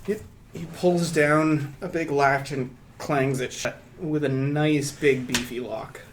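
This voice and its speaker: A man narrating a tabletop game as game master, relaxed and rambling, with casual asides. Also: a little high, slow, a little hiss or hum.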